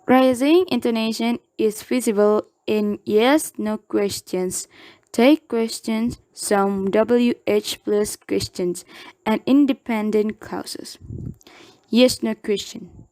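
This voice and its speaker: A woman's voice: on the high side, takes it slowly, a little mellow, dry recording. A young adult woman from Indonesia reading a class presentation as a university student, carefully saying each example word twice.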